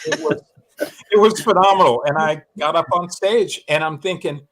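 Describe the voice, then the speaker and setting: A man calling into a talk show, telling a self-deprecating story in an animated way with lots of fillers and restarts. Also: high voice, normal speed. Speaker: guest, fan camper and drummer.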